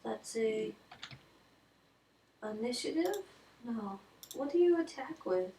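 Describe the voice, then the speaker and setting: A woman playing a tabletop game, unsure about the rules and asking slow questions. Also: on the high side, expressive, warm tone. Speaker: player. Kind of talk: casual tabletop game chat. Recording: echoey room, far from the mic, faint noise.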